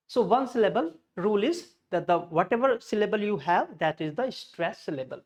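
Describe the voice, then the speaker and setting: Very animated and speaking at normal speed in a high voice, an English teacher leads a pronunciation class. He explains step by step, mixes in Hindi glosses, and catches and corrects himself as he goes.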